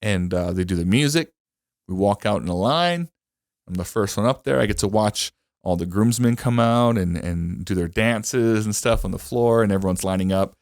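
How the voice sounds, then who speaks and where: Male podcast co-host, low voice, dry close sound, casual emotional storyteller. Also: normal speed, darkish tone, no room sound. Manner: emotional storytelling with lots of fillers. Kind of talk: casual chat.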